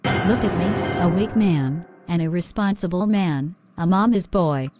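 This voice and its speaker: A woman voicing a young married wife in an animated drama, pleading and worn down. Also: lowish voice, a little slow, over music, natural voice.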